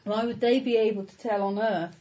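A woman playing a tabletop game, talking hesitantly and filling pauses with ums. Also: mid-range voice, fairly even intonation, warm tone, dull audio. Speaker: player.

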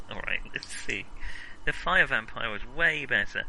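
This is a man narrating as game master in a tabletop game, his voice very bright and crisp. He stumbles through descriptions with many ums, and a faint hiss sits under the recording. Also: mid-range voice, normal speed, poor audio. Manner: hesitant, full of ums, lively sound effects.

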